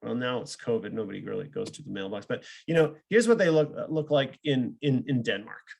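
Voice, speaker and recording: A man's voice: mid-range voice, a little fast, vocal fry, a little mellow. A man, a psychologist and professor, giving a conversational online seminar over a video call, explaining with examples and often checking in with "right?". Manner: explains with examples, ends points with questioning "right?".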